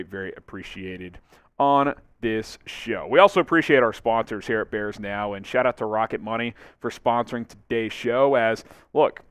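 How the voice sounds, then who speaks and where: Man, sports stream host, upbeat, smooth clear voice, dry close studio sound. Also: mid-range voice, no echo. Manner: upbeat, shouting out viewers by name. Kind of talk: live-stream sports talk.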